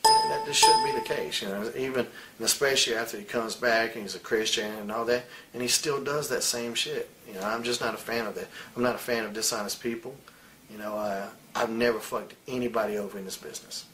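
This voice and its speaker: Man, 40s, ex-wrestler, heated and crude storyteller, average pitch, light hiss behind. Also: fairly even intonation, a little fast, fairly bright tone. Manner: blunt, profane, heated storytelling. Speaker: retired pro wrestler as interview guest. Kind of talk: candid shoot interview.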